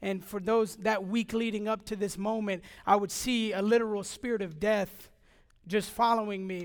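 A young man giving an impassioned sermon testimony, swinging from shouting to hushed. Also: high voice, fairly even intonation, normal speed, no echo.

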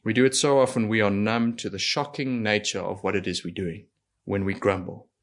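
A man's voice: lowish voice, fairly even intonation, fairly quick. A man preaching a sermon in an earnest way, asking rhetorical questions and acting out quoted lines. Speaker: pastor.

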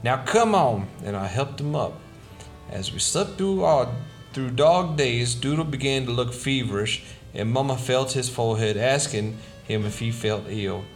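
A man narrating a short story aloud at a mid pitch, soft and measured, with faint music underneath. His reading is calm and steady.

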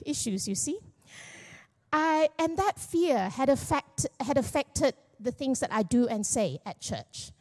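A woman's voice: sits high, expressive, slow pace, darkish tone. Candid, joking middle-aged woman pastor. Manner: candid, self-deprecating and joking. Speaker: young adults pastor. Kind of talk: personal testimony sermon. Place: church.

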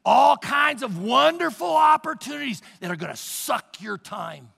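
A male pastor preaching a sermon emphatically, at times rising to a shout. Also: very high voice, big pitch swings, measured pace, gravelly, slightly rough, long reverb tail.

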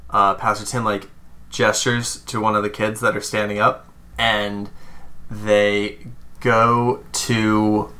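A man narrating a tabletop role-playing game as game master, halting and rambling with many fillers. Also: on the low side, pushed and bright.

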